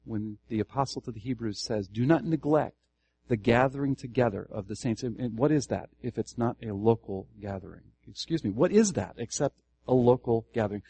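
A man's voice: mid-range voice, a little fast, dark tone, slightly rough. A man teaching Scripture to a church group, earnest, restarting phrases and putting questions to the room. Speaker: Bible teacher. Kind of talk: Bible study teaching to a congregation.

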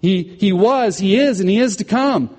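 A man's voice: sits high, normal speed, a little mellow, big-room sound. A man preaching a sermon as pastor, explaining scripture and asking the congregation questions.

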